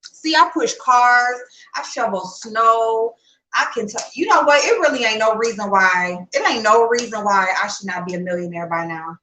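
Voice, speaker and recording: A woman's voice: on the high side, lively intonation, normal speed, sharp tone, a little hiss or hum, poor audio. A woman chatting casually straight to her viewers on a livestream, in a talkative, emotional way. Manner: chatty, talks straight to viewers, emotional and tearful when reading good news. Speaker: vlogger.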